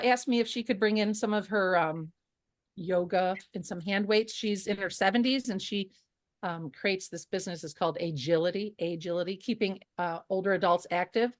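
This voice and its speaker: Chatty woman with a high voice. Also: dry recording, studio quality. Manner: animated storyteller, many fillers and restarts. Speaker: guest photographer. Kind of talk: casual interview storytelling.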